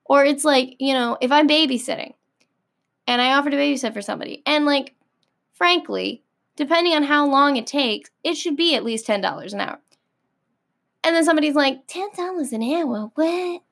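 A young woman with a high voice hosts a solo podcast. She rants in an exasperated, lively way, full of likes and ums. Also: brisk, creaky. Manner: exasperated, animated ranting with many likes and ums. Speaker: podcast host.

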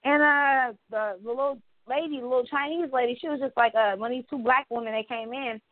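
A young woman co-hosts a casual podcast, telling stories with animated energy and freely swearing as she acts out what people said. Her voice sits a little high. It comes through dry and thin, like a phone line. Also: brisk, dry recording. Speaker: podcast co-host. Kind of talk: casual chat.

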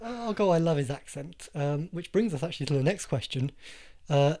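A man's voice: a little high, expressive, mellow. A man co-hosting a casual film podcast, teasing his co-host as he reads out quiz questions. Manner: teasing, quizzes his co-host with quick asides.

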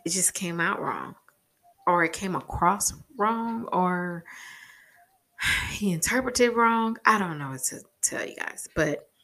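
A woman's voice: on the low side, fairly bright tone. A woman talking frankly in a rambling personal vlog about parenting and communication, swearing casually. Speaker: parent vlogger.

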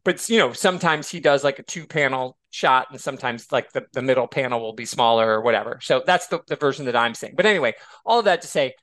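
A man's voice: mid-range voice, fast talker, hardly any pauses. An American man co-hosting a podcast, chatting casually and animatedly, often drifting into tangents. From United States. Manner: animated, digressive. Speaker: podcast co-host. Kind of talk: casual chat.

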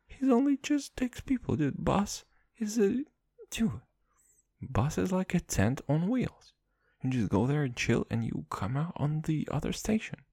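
A man's voice: fairly high pitch, vocal fry, warm tone, slightly rough, no room sound. A young man hosting a podcast solo, telling loose, profane, jokey stories and calling himself "your boy". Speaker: podcast host. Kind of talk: rambling comedic monologue.

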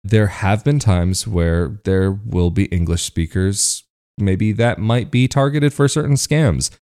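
A man's voice: fairly low pitch, slow pace, warm tone. A man from the United States talking casually to camera as a video host, chatty and often laughing between points.

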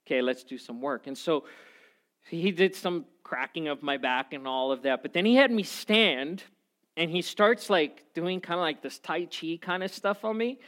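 Preaching in a chatty, animated storytelling style, a pastor speaks a little slowly with a voice pitched slightly above most men's. He throws in jokes and asides freely as he goes.

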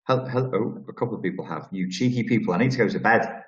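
A man's voice: fairly low pitch, quick pace. A man with a Scouse accent hosting a live question-and-answer stream, blunt and profane, rambling with restarts. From Liverpool, England. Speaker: channel host answering viewer questions. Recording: roomy, dull lo-fi sound.

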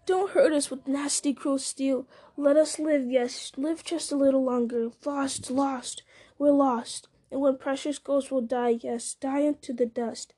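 A woman's voice: high-pitched, steady tone, a little slow, warm tone, pitched above the performer's own voice. A woman voicing a wretched, greedy male creature who hisses and whimpers in a storybook reading. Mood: whimpering. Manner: hissing, whimpering, wheedling.

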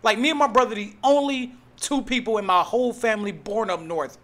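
A man from Cleveland, Ohio hosting his own podcast, talking casually and breaking into loud mocking outbursts. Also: high voice, brisk. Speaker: podcast host. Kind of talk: casual solo podcast talk.

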